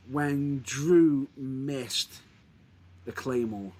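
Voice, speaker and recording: A male podcast host with a fairly high voice, chatting casually. He retells moments in an excitable, animated way. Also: normal speed. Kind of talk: casual chat.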